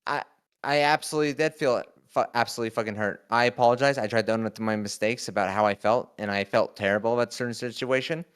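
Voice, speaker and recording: A man's voice: medium pitch, fast, smooth. A young man, a crew member of a talk show, confronting the hosts in an emotional, heated argument, full of swearing and outbursts.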